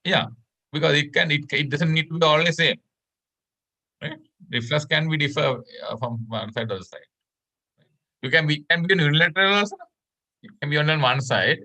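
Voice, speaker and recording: This medical lecturer from Sri Lanka has a fairly high, bright, forceful voice and speaks a little fast. Teaching online, he walks through the content step by step, frequently pausing for a "right?".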